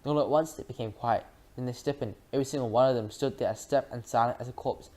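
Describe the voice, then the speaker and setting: A reader narrating a children's book aloud in a lively way, with frequent slips and restarts. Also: medium pitch, fast.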